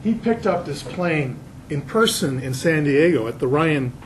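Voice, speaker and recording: A man's voice: a little high, expressive, unhurried, low-quality recording. Man, casual slide lecture, chatty storyteller, quizzes the audience, faint room noise. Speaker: author giving a slide talk.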